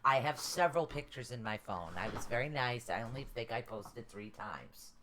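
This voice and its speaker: Middle-aged woman, radio talk show host, low voice, chatty, rambling anecdotes. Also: animated, normal speed, fairly bright tone. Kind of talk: casual chat.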